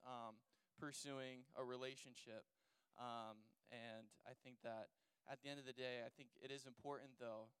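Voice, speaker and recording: A young man speaks off the cuff on a panel, stacking fillers and restarting his thoughts. His voice is smooth and clear, recorded dry and up close. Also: mid-range voice, a bit bright, dry recording, low-quality recording. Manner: rambling, many fillers like "like" and "you know". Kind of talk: casual chat on faith and dating.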